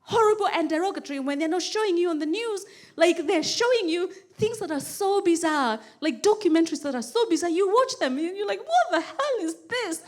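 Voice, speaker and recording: A woman's voice: extremely high pitch, animated, a little fast. A woman doing a stand-up comedy routine, laughing often and acting out characters in squealing voices. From Kenya. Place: comedy stage before a live audience.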